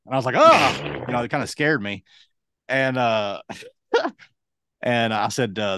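A young man and podcast co-host telling a casual, lively anecdote, acting out other people's lines as he goes. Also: medium pitch, moderate pace, no echo, studio quality. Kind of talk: casual storytelling.

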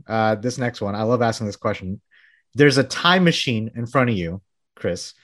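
Texan male host, chatty, quick laughs, casual interview read. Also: lowish voice, a bit bright, no room sound, studio quality. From Texas. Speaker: podcast host. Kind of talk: casual interview, lightning-round questions.

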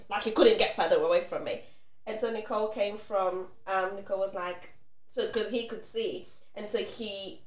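A woman's voice: mid-range voice, echoey room. A young woman hosting a podcast, telling an embarrassing story candidly and crudely, laughing through tears. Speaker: podcast co-host. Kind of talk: casual storytelling.

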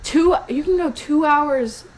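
A woman's voice: sits high, slow pace, poor audio. A young American woman co-hosting a podcast, chatting casually in cheeky, laughing banter and swearing freely. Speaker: podcast co-host. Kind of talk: casual chat.

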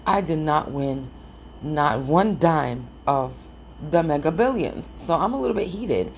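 A woman who has just woken up speaks in a low, gravelly voice, venting and swearing through a casual morning vlog. A faint hiss of background noise sits under her words, and she sounds frustrated and fed up. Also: animated, moderate pace. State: just woke up. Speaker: vlogger.

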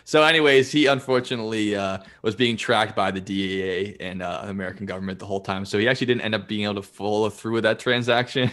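A man's voice: on the low side, level tone, quick pace, hardly any pauses, a bit bright. A man co-hosting a casual podcast, joking and swearing freely as he laughs through the chat. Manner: laughing, profane, jokey. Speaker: podcast co-host.

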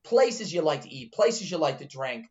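A man's voice: sing-song, normal speed. A man co-hosting a casual podcast, joking, laughing and asking the guest questions. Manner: joking, laughing, swings pitch a lot. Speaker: podcast co-host. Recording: dull lo-fi podcast mic.

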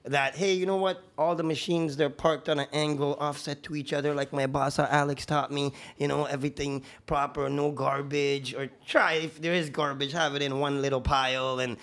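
A young man with a slightly high-pitched voice tells a work story as a podcast guest. He talks casually and animatedly, swearing freely and often restarting his sentences. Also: level tone, moderate pace, hardly any pauses, a bit bright. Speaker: podcast guest, construction worker.

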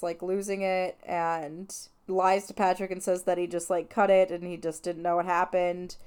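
Young woman podcaster, smooth clear voice, rambly casual movie recap with lots of "like". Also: mid-range voice, a little mellow. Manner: rambling, filler-heavy retelling. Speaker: podcast host.

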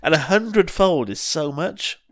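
A young Welsh man on a podcast, relaxed and jokey, quick to laugh at his mate. His voice sounds dry and close, with no room around it. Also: on the high side, no room sound. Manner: laid-back, jokey, laughs a lot. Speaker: podcast co-host. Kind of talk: casual chat.

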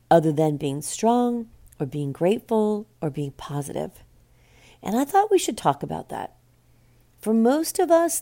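A woman's voice: on the low side, mellow. A middle-aged woman hosting a reflective solo talk, speaking earnestly and conversationally and asking her listeners questions. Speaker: podcast host speaking to cancer survivors.

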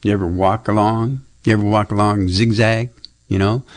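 Chuckly low-voiced man hosting kids' radio. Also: fairly even intonation, moderate pace. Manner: playful, chuckling, rambling. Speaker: radio host. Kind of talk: casual children's radio chat.

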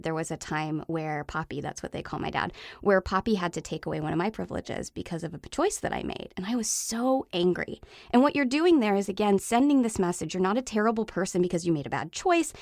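A woman's voice: medium pitch, no echo, clean studio sound. Earnest woman giving parenting advice. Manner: earnest, explanatory, steady. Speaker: parenting podcast host.

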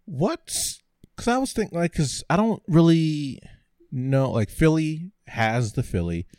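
A man's voice: on the high side, sing-song, unhurried, a little mellow, no room sound, clean studio sound. A man co-hosting a casual podcast chat, rambling and laughing often. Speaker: podcast co-host.

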